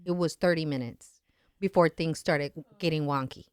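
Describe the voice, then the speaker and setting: A lively woman with a somewhat low voice tells a personal story as a podcast guest and slips into the voices of the people in it. She is recorded close and dry on a studio mic. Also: moderate pace, clean tone, no echo. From Latin America. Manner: animated, acts out quoted voices. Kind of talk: casual storytelling.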